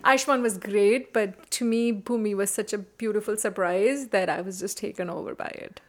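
A woman co-hosting a casual film review chat, animated and opinionated, laughing often. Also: mid-range voice, normal speed. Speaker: podcast co-host.

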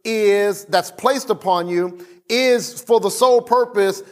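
A male pastor delivering an energetic sermon, slowing down to repeat scripture lines for emphasis. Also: high-pitched. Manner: energetic, repetitive preaching with slowed emphatic quotes.

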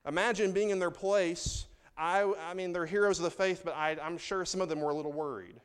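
Smooth-voiced man preaching a sermon. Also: sits high, steady tone, brisk. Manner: conversational, swings from loud reading to hushed asides. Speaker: pastor.

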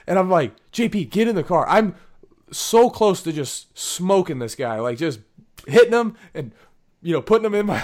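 A young man telling a funny story to friends in casual chat, acting out the quotes in raised voices and laughing as he goes. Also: a little high.

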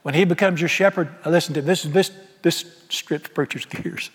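A man's voice: fairly high pitch, normal speed, husky. A man preaching a sermon, folksy and emphatic, firing rhetorical questions at the congregation. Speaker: pastor. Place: church sanctuary. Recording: long reverb of a large hall.

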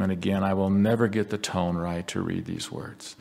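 A man's voice: sits low, fairly even intonation, normal speed, creaky, darkish tone. A man from the United States giving an earnest, reflective devotional talk in a large hall. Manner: reflective, earnest storytelling with scripture readings. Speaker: religious speaker.

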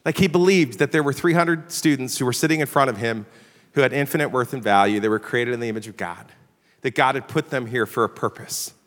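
With a medium-pitched, fairly bright voice and a brisk pace, a middle-aged Chicago-area man preaches a sermon full of stories. He keeps things conversational and self-deprecating, often saying "all right?" The recording echoes with a big hall's long reverb.

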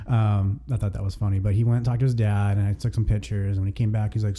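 Dark-voiced man telling a rambling story. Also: lowish voice, flat delivery, fast, few pauses. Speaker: podcast co-host. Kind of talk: casual chat.

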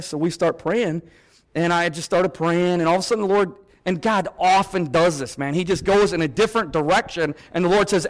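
Chatty preacher, slightly high. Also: male voice, brisk. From American Midwest. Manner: conversational, repeats "right?" and restarts often. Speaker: ministry leader. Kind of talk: sermon testimony storytelling.

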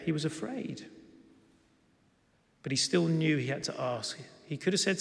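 A man preaching a sermon, telling a story and acting out the quoted lines with lively emphasis. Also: on the high side, normal speed, gravelly, long pauses. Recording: long hall reverb.

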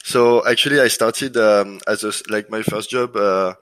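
French-accented man, low dry voice. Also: normal speed, dry recording, low-quality recording. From France. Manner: relaxed, many fillers and restarts. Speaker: guest, lead generation business owner. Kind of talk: casual interview chat.

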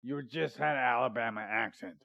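A man's voice: mid-range voice, brisk, vocal fry, dry recording, lo-fi sound. A man hosting a comedy podcast, rambling and joking, sometimes reading from his notes. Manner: rambling, jokey, reads research notes aloud. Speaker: podcast host. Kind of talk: casual comedy podcast chat.

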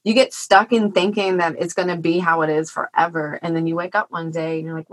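A woman in her thirties, a mother of an eleven-year-old, hosting a casual podcast chat, agreeing warmly and swearing now and then. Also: lowish voice, level tone, a little fast, low-quality recording.

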